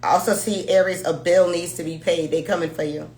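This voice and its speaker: Brief: frank, chatty woman reading tarot, slightly low voice. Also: steady tone, fairly quick, a little mellow, roomy sound. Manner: chatty, frank, swears and laughs freely. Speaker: tarot reader.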